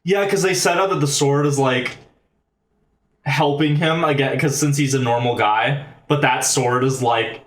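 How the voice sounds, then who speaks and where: A man co-hosting a casual podcast, retelling a book scene and acting out the characters with loud exclamations. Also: mid-range voice, fairly even intonation, unhurried. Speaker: podcast co-host. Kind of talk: casual chat. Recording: roomy echo.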